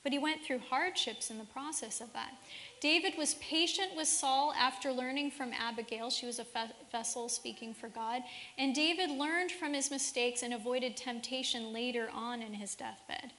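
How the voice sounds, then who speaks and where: High-voiced woman speaking in a reverberant hall. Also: moderate pace, pushed and bright, slight background noise. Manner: asks the audience many rhetorical questions. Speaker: seminar speaker. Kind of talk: faith-based parenting seminar talk. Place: church seminar room.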